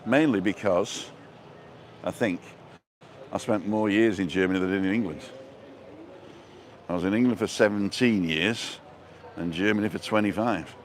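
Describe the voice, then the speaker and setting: A man's voice: fairly low pitch, moderate pace, pauses often, slight background noise. A middle-aged man hosting a casual live stream as he walks outdoors through town streets, chatting and reading out viewer comments with a joking manner.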